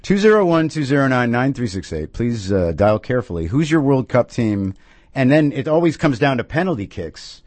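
Male radio host, rambling chatty delivery, animated pitch, dry studio sound. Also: no echo. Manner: rambling, halting with many restarts and fillers. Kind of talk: casual radio chat.

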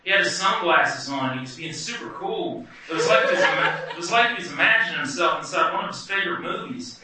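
A man performing a wry, animated first-person story live. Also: fairly high pitch, quick pace, noisy background. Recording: echoey hall from far off.

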